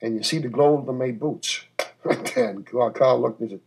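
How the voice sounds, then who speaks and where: An older man reminiscing in an interview, telling animated stories and acting out scenes. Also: mid-range voice, moderate pace, slightly rough, low-quality recording. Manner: animated storyteller, acts out scenes.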